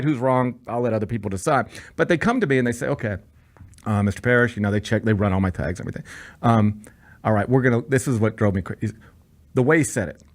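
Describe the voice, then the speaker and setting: Male radio host, casual storyteller, animated with quoted voices. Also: medium pitch. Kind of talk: casual sports radio chat.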